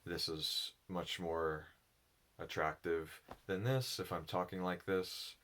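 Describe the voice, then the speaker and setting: A man speaking alone in a slow, reflective monologue, halting and thoughtful, with a low voice. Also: fairly even intonation, a bit bright. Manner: halting, thoughtful, with pauses and restarts. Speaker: solo speaker on personality psychology.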